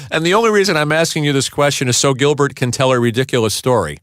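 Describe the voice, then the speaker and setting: A man with a somewhat high, bright voice co-hosts a podcast, his pitch bouncing around as he playfully sets up questions. The recording is close and dry. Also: smooth, no room sound. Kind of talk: casual podcast chat.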